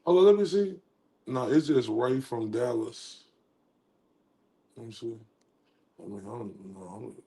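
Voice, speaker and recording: A man's voice: mid-range voice, a little slow, vocal fry, pauses often, mellow, husky. A man from Texas, chatting casually on his livestream, joking and laughing at himself. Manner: laughs at himself, breaks into singing. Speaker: livestream host.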